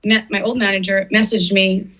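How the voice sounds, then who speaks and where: In a slightly muffled, dull recording, a middle-aged artist recounts her own story during an interview, speaking with earnest emotion and voicing the people she quotes. Her mid-range voice is a bit bright, level in tone, and moves at a normal speed.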